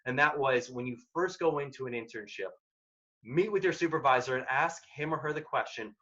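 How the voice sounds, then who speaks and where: Bright-voiced man giving career advice. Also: mid-range voice, expressive, brisk. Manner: emphatic and direct, casual wording. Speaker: workshop presenter. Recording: dull lo-fi recording.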